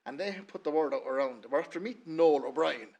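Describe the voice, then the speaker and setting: A man's voice: fairly high pitch, quick pace, darkish tone, lo-fi sound. A man with an Irish accent tells a local folk tale in a chatty, rambling way, full of "he says" asides. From Ireland. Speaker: storyteller. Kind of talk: folksy spoken storytelling.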